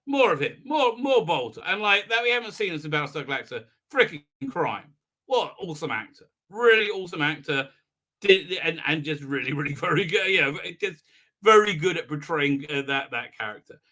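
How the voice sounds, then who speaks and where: A man's voice: a little high, expressive, a little fast, sharp tone. A man hosting a live stream, recapping an episode in a rambling, sarcastic way, full of fillers, mocking the characters as he goes. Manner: rambling, sarcastic, mimics characters mid-sentence; many fillers. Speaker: host.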